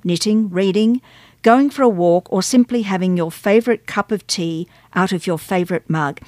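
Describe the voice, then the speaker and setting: A woman reading magazine articles aloud on a radio program, steady and clear. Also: mid-range voice, no room sound. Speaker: radio reader.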